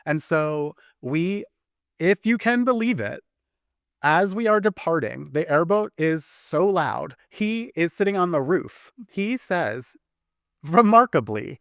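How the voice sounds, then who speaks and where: A man telling a long story in casual podcast chat, animated and chatty with frequent restarts. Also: fairly high pitch, a little slow, dry recording, studio quality.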